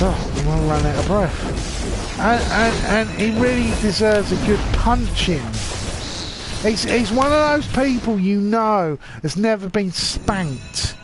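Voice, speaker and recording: Drunk, high-voiced English man ranting. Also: slow, over loud music. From England. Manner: rambling, profane ranting. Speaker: live streamer. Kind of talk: casual live-stream chat while gaming.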